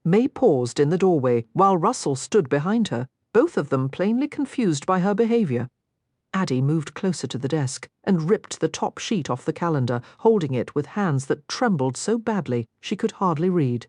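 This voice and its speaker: Woman narrating an audiobook, low voice, lively expressive reading, dry close mic. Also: normal speed, no room sound. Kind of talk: scripted narration.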